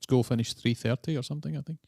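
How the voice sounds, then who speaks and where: A Scottish man appears as a guest in a conversational interview, telling rambling stories and frequently correcting himself. His mid-range voice is quick, creaky and a bit dark. The studio-quality recording has no room sound.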